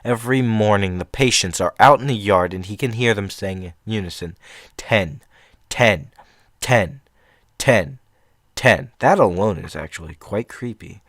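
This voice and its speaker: A man's voice: on the low side, brisk, few pauses, dry recording, clean studio sound. A young man reading short horror stories aloud in a casual, rambling way, breaking off for chatty asides.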